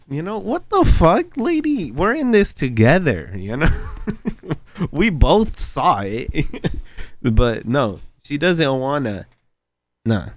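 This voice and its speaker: A man's voice: medium pitch, no room sound. A young man telling a casual, slangy story with plenty of swearing, often breaking into laughter at his own telling. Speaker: vlogger.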